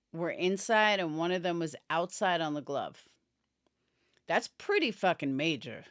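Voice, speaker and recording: A tired woman, yawning as she talks, gives opinionated casual live-stream commentary on a true crime case and answers viewers by name. Her lowish voice is fairly bright, clear, and resonant, in studio quality with no room sound.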